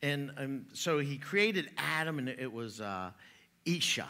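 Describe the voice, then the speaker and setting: A man's voice: medium pitch, expressive, unhurried, pushed and bright. A man preaching a sermon in a church, joking in a folksy way and chuckling at his own jokes. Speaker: pastor. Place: church sanctuary.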